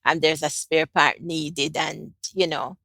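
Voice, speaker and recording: A woman answering interview questions about a climate project she leads, in a measured way with frequent ums and restarts. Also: sits low, steady tone, gravelly, pushed and bright, no room sound.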